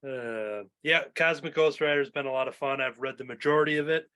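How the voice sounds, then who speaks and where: A man hosting a casual podcast, talking at an ordinary middle pitch. He rambles through preview blurbs with plenty of ums and uhs, recorded at home. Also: brisk, bright, forceful tone, clean tone. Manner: loose, filler-heavy, reading previews aloud. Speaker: podcast host. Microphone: home recording mic.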